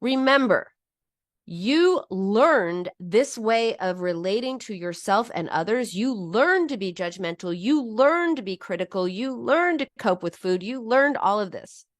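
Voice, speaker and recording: A woman's voice: mid-range voice, expressive, unhurried, no room sound. Earnest middle-aged woman, dry sound. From United States. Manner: earnest and heartfelt, with frequent restarts. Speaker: psychology teacher on binge eating. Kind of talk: personal teaching talk with stories.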